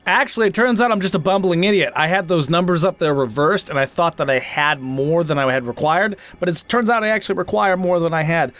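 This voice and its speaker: A man giving comic let's-play commentary, excitable and self-mocking, trash-talking enemies with sudden shouts. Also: on the high side, quick pace, hardly any pauses. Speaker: gaming channel host.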